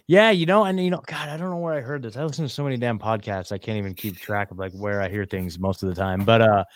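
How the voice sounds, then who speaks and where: A man's voice: lowish voice, fast, no room sound, studio quality. A man in casual podcast chat, ranting emphatically and calling out to listeners.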